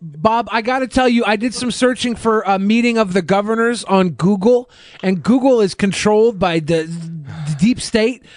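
A man co-hosting a comedy show, teasing the caller with deadpan jokes. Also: high-pitched, normal speed, no room sound. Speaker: co-host.

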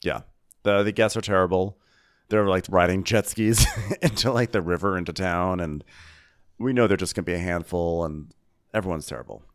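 A man's voice: low voice, moderate pace, clean tone, dry recording, studio quality. A man co-hosting a comedic reality TV recap podcast, chatty and joking. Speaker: podcast co-host.

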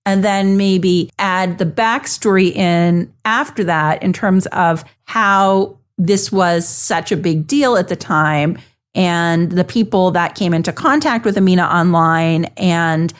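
A woman's voice: lowish voice, takes it slowly. A woman co-hosting a podcast, thinking aloud in casual chat with plenty of likes and you knows. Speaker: podcast co-host.

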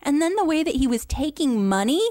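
A woman co-hosting a casual podcast, giving emphatic, animated opinions. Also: high voice, fairly quick, dry recording, clean studio sound. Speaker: podcast co-host.

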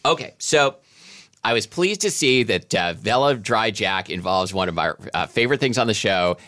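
A man's voice: fairly low pitch, expressive, normal speed, pushed and bright, no echo, clean studio sound. A man co-hosting a podcast in casual chat, talking with many hesitant restarts and fillers. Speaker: podcast co-host.

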